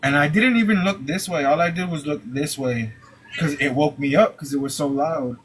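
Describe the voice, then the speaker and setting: A young man telling a personal story live, halting, with many "like"s and repeated restarts. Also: on the high side, fairly bright tone, a little hiss or hum, rough recording.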